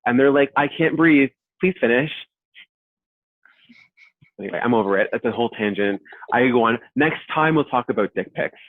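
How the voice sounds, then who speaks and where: A man in his thirties chats as a podcast guest, spinning animated stories and slipping into quoted voices. His voice comes through a thin, phone-like line with no room sound at all. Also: medium pitch, quick pace, no room sound. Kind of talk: casual podcast chat. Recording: tinny phone-like line, dry.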